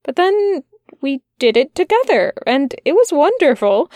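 A woman voicing a fussy, gentle male angel who speaks tenderly and stammers when flustered. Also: high-pitched, big pitch swings, a little slow, dry recording, studio quality, voice pushed up.

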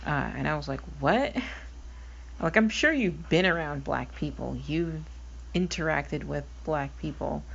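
A woman's voice: sits low, normal speed, creaky, a bit bright. A blind woman hosting a podcast, thinking aloud hesitantly in a casual monologue. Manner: thoughtful, hesitant with fillers. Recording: slightly dull recording with faint noise.

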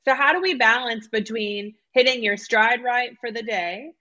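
Bright-voiced woman on a dull recording. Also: on the high side, normal speed. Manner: thoughtful, asks probing questions. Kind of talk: conversational interview.

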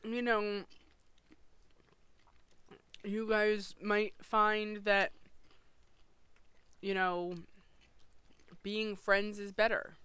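Woman co-host, casual podcast chat, earnest with deadpan quips; bright, crisp, dry close mic. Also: medium pitch, extremely slow, long pauses, dry recording. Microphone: podcast microphone.

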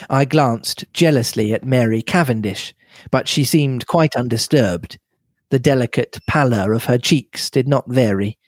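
A man reading a novel aloud in a measured, steady manner. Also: medium pitch, no echo, studio quality. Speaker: reader.

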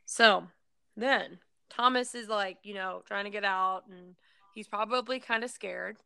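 A woman tells a film's plot in loose, casual chat, full of fillers and quick acted-out lines of dialogue. Her voice is bright and crisp with a gravelly rasp underneath. The room sounds dry and close. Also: mid-range voice, no room sound. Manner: rambling storytelling with many fillers. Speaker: person recapping a film.

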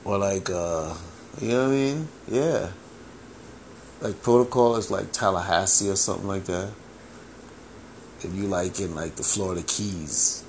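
A man hosting a solo podcast, talking casually, animated and profane, with lots of filler phrases. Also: low voice, measured pace, long pauses, a little hiss or hum. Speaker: podcast host.

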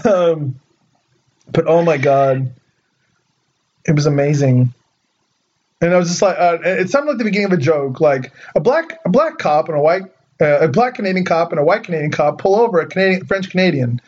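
Young guy from socal telling a funny story, high voice, lots of likes, kinda muffled audio. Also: normal speed. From Southern California. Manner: animated, laughing storyteller with filler "like". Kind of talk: casual chat.

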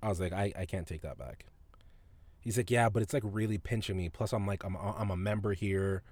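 A man's voice: low voice, fairly quick, darkish tone, no echo. A man hosting a podcast, telling a story in a casual, profane way and laughing often. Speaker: podcast host.

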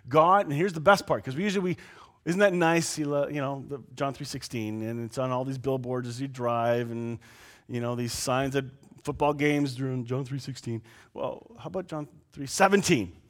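A pastor preaching a sermon, swinging between loud, exasperated outbursts and quiet, low asides. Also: male voice, normal speed. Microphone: lapel mic.

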